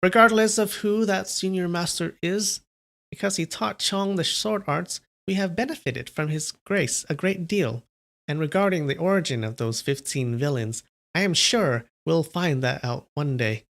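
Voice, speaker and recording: A man putting on a warm fifty-something lady. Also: moderate pace, creaky. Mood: warm, reassuring. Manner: raised falsetto-like woman's voice. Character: woman in her fifties, warm master's wife.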